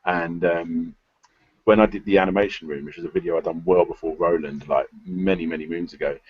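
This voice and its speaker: A man's voice: sits low, fairly even intonation, brisk, slightly rough, no echo. A man hosting a casual live-stream chat, talking loosely and swearing now and then. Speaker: show host. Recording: dull lo-fi sound.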